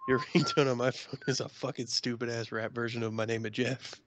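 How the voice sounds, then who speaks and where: A man's voice: mid-range voice, steady tone, a little fast, slight background noise. A man co-hosting a podcast, throwing in blunt, wisecracking remarks during crude banter. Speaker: podcast co-host.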